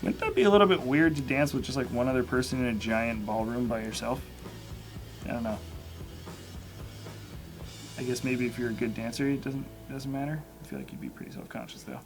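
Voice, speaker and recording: A man's voice: medium pitch, animated, brisk, pauses often, over music. A man hosting a live building stream, chatting casually and rambling as he corrects himself. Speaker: livestream host. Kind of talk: casual live unboxing chat.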